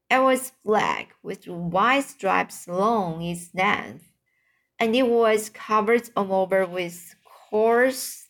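Woman reader, slow and halting, children's book read-aloud. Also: medium pitch, a bit bright. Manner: halting, stumbles on unfamiliar words, adds asides.

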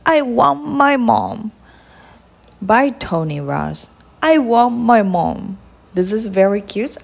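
A woman hosting a podcast, reading a children's picture book aloud in a slow, expressive way. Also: fairly low pitch. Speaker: podcast host and storybook reader.

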